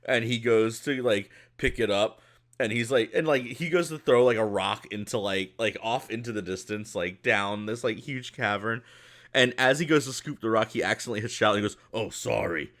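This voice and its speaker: A man's voice: on the low side, brisk, fairly bright tone. A man narrating as game master of a tabletop game, rambling with lots of fillers.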